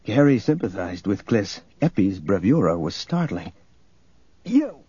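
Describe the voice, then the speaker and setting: A man narrating an audiobook in a steady, measured reading. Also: low voice, slightly rough, dry recording, lo-fi sound. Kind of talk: scripted narration.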